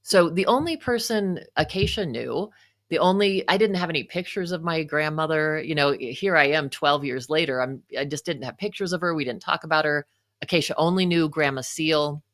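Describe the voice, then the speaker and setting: Female guest, low-pitched, emotional storyteller with chatty asides. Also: moderate pace, a bit bright, no room sound, studio quality. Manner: emotional, frequent "you know" asides. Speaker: guest, psychotherapist and author. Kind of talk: personal storytelling in conversation.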